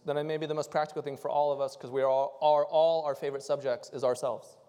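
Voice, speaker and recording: A male pastor preaching a conversational sermon, swinging from loud, impassioned stretches to soft, intimate ones. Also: fairly high pitch, big-room sound.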